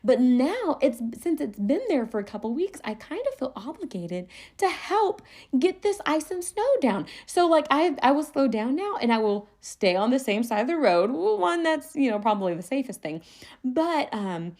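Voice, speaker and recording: A woman hosting a solo podcast in a casual chat, animated and chatty, laughing often as she talks. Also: sits high, normal speed. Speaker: podcast host.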